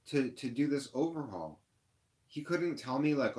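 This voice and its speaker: A man's voice: medium pitch, expressive, a little mellow. Frustrated man venting on a live stream. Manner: frustrated venting, halting restarts and fillers. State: upset, near tears. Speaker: rideshare driver vlogger.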